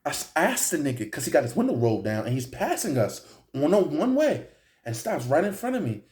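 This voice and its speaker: A young man recounts a tale in a lively, streetwise way. His voice sits a little high and swings widely as he talks. Heavy slang, swearing and "right?" asides keep it conversational, and the room gives it a noticeable echo. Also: fairly quick. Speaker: storyteller. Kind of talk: casual storytelling to camera. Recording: roomy echo.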